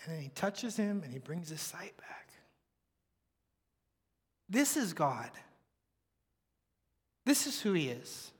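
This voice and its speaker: High-voiced preacher man in a reverberant hall. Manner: dramatic storytelling, shouting out quoted cries, dropping to near whispers. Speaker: pastor. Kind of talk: sermon.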